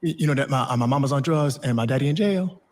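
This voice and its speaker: A man playing a rapid-fire tragic-backstory guy. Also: mid-range voice, darkish tone, lightly acted. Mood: deadpan. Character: young man boasting of a wildly tragic family. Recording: played clip from a comedy sketch.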